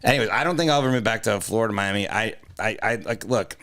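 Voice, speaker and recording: A man's voice: lowish voice, quick pace, a bit bright. A man co-hosting a comedy podcast, rambling and teasing with plenty of profanity. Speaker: podcast co-host. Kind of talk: casual comedy chat.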